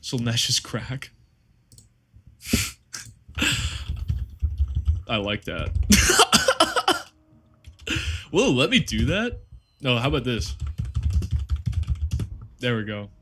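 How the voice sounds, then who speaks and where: A man's voice: mid-range voice, wildly swooping pitch, very slow, pauses often, sharp tone, a little hiss or hum. A man chatting casually to his viewers on a live stream while playing a game, rambling, laughing and swearing freely.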